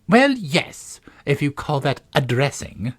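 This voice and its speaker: A man's voice: fairly high pitch, big pitch swings, slow, breathy edge, voice pushed up, exaggerated voice. A man doing the White Queen, flustered and muddled. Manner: fussy and helpless, sighing. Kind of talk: storybook reading.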